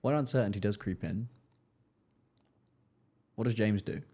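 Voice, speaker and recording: A man's voice: on the low side, a little slow, mellow, slightly rough. A man hosting a podcast interview, asking curious questions and telling anecdotes. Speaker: podcast host.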